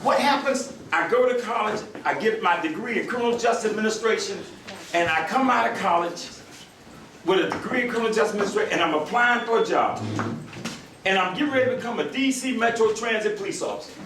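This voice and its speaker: Older male speaker, lively storyteller who acts out voices, recorded from afar in a roomy hall. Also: high voice, fast, distant mic, a little hiss or hum. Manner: animated storyteller, acts out voices, laughs with the crowd. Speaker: retired U.S. marshal, speaker. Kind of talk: storytelling speech to an audience.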